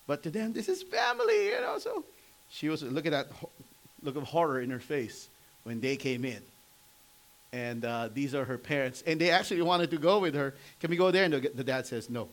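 A man in his forties preaching a sermon, telling family stories conversationally, asking the congregation questions and often clearing his throat. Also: a little high, very animated, normal speed, a bit bright, low-quality recording. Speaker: pastor.

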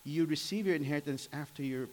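A man in his forties preaching a sermon, telling family stories conversationally, asking the congregation questions and often clearing his throat. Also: a little high, fast talker, a little hiss or hum, low-quality recording. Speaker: pastor.

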